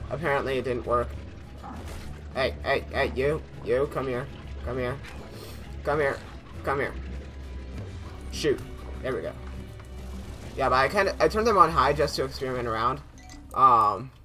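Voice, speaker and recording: A man's voice: mid-range voice, pushed and bright. A young man talking casually over his game, rambling to viewers and yelping when startled. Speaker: gaming YouTuber. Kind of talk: casual let's play commentary.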